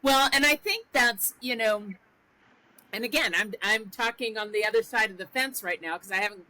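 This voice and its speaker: A woman's voice: fairly high pitch, normal speed, sharp tone, low-quality recording. A woman in her sixties hosting a podcast interview, talking in a reflective way and thinking aloud as she goes. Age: 60s. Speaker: podcast host. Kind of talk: conversational interview.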